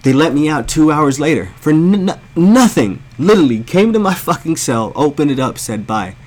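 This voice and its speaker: A man's voice: fairly high pitch, sing-song, normal speed, a little mellow. An American man telling a story as a blunt, heated, profanity-filled rant to his viewers. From United States. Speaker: storyteller ranting to camera.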